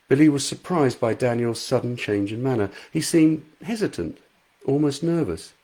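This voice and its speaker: A man's voice: mid-range voice, animated, moderate pace, mellow. A male author reading his own novel aloud in a live stream from his front room, chatting and laughing easily between passages.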